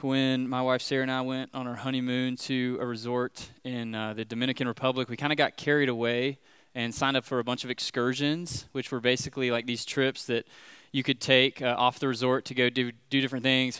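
A man in his thirties preaches a sermon in a relaxed, conversational way, full of little fillers and asides, and he gets more animated when he retells a tense moment. His voice is smooth and resonant, and it sounds dry, with almost no room echo. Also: medium pitch. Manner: casual storytelling with many fillers, rising animation when retelling scary moments. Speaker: pastor.

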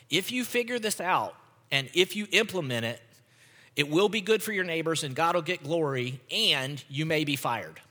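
Bright-voiced man preaching in a reverberant hall. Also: on the high side. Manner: conversational preaching, often checks in with "right?". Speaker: pastor. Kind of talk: sermon.

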